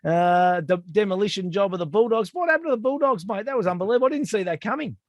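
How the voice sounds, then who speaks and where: A high-pitched Australian man hosts a relaxed sports chat and sounds jokey and matey. He keeps addressing his listeners as kids. His voice is dry and close to the mic. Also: fast, dry recording. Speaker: podcast host.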